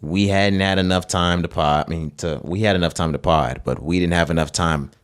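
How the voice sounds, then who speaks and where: A young man with a deep, low-pitched voice co-hosts a podcast. He talks in a relaxed, slangy way and laughs easily. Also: smooth. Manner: slangy, laid-back, quick to laugh. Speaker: podcast co-host. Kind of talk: casual chat.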